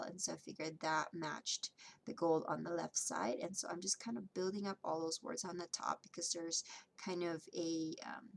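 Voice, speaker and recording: A woman vlogger casually narrating her scrapbook layout process, chatty and relaxed with frequent ums. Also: lowish voice.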